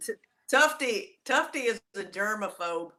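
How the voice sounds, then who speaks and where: A woman's voice: mid-range voice, animated, a little slow, sharp tone. A woman, a guest musician, chatting and teasing playfully over a video call. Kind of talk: casual chat.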